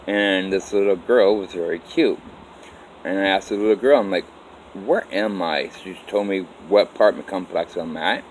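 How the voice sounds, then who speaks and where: This is a casual, first-person life story from a fairly low-voiced man who wanders loosely, restarts sentences, and quotes people with "I'm like." He talks at a moderate pace on a low-quality recording with a faint hiss underneath.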